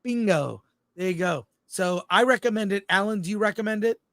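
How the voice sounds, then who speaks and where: A man's voice: high voice, brisk, a bit bright, no room sound. A man co-hosting a casual livestream film review show, blunt and jokey, reading viewer comments aloud. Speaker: film critic co-host.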